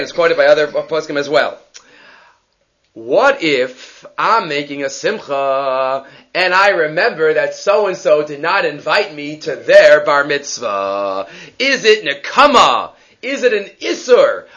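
A man teaching a Talmud lesson, lively and animated, acting out quoted people and weaving Hebrew quotations into his English. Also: a little high, dull audio. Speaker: Torah teacher giving a daf yomi class.

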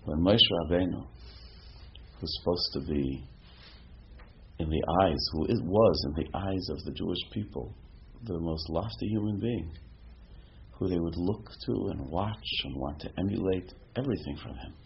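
A man teaching a lively Torah class as a rabbi, asking rhetorical questions and mixing in Hebrew terms. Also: low voice, normal speed, gravelly. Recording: dull lo-fi recording with faint noise.

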